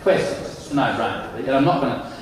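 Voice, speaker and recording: A middle-aged man giving a conference keynote, telling stories in an animated, self-mocking way, recorded in a large hall. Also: medium pitch, fairly quick, recorded from a distance, a little hiss or hum. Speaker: keynote speaker. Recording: echoey hall, mic heard from afar.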